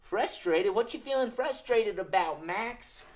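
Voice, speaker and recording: A woman hosting a children's show, speaking gently and encouraging the kids watching. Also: mid-range voice, animated, measured pace. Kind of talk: casual children's show, singing and chatting.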